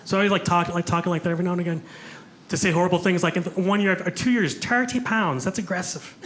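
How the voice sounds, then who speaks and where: A man's voice: high-pitched, little pitch movement, rapid-fire, a little hiss or hum. A man doing a stand-up comedy set, chatting with the crowd and joking about himself. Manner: self-deprecating, chatty with the crowd. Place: comedy club stage with a live audience. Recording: live room with audible crowd ambience.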